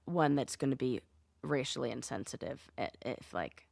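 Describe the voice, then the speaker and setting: Brief: playful woman co-host, lively swinging pitch, dry close mic. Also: moderate pace, vocal fry, no echo. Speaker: podcast co-host. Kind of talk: casual chat.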